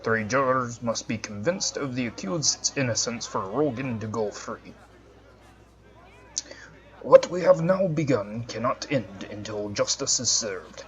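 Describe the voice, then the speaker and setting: A man's voice: medium pitch, unhurried, dull audio, voice pushed down, close to an everyday voice. A man voicing a solemn male dwarf cleric with a put-on Scottish accent, reading the game's lines formally.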